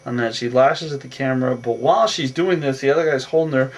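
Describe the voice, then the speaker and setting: A man's voice: mid-range voice, quick pace, far from the mic. A man casually recapping a movie plot in a rambling way, with lots of fillers and restarts. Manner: rambling, filler-heavy retelling with repeated "on that". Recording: voice from away from the mic with faint music.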